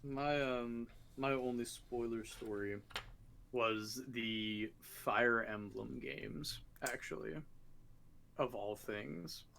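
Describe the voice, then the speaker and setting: A man's voice: medium pitch, slow, creaky, a bit bright, a little hiss or hum. A man co-hosting a casual podcast chat, joking and swearing freely. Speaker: podcast co-host.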